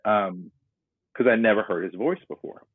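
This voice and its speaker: Man from North Carolina, low husky voice, earnest and reflective, sharing his story as a podcast guest over a tinny phone-like connection. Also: normal speed, no echo. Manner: earnest, reflective, retells scenes. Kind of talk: personal storytelling in conversation. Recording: dry, narrow phone-like line.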